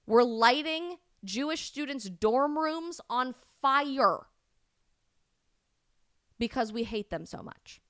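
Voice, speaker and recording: Impassioned woman with a smooth, clear voice. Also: mid-range voice, no echo, clean studio sound. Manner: emphatic, rising to loud indignant peaks. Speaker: host of a live stream show. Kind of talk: impassioned livestream commentary.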